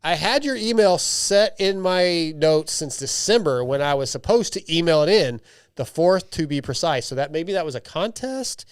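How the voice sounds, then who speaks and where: A man with a slightly high, smooth voice hosts a podcast, reading out listener emails and joking as he goes. He talks loosely, with frequent restarts and asides, and the recording is close and dry. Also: expressive, normal speed, no room sound. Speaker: podcast host.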